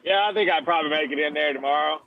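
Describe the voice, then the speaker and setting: A man's voice: a little high, very fast, phone-quality sound, a crowd in the background. A man co-hosting casual sports talk radio at a studio mic, making dry, needling jokes. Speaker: co-host. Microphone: studio microphone.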